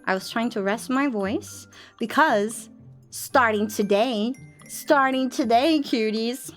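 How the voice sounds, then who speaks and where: Faint music sits behind a woman streamer who chats in an unhurried, casual way on her live stream, using a boom mic. Playful and teasing, she laughs often and breaks into sing-song and shouty squeals.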